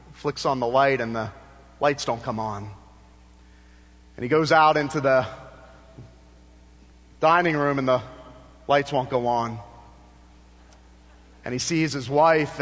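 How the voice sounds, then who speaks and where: A man's voice: mid-range voice, a bit bright, big-room sound. A male pastor preaching a sermon in a church, telling a story with passion and building to fervent appeals. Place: church sanctuary.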